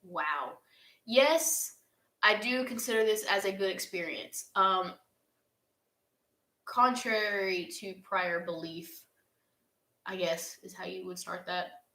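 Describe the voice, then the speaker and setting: A woman's voice: mid-range voice, takes it slowly, long pauses, bright, forceful tone. A young woman answers fan questions in an earnest, heartfelt casual chat, with laughs along the way. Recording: echoey room.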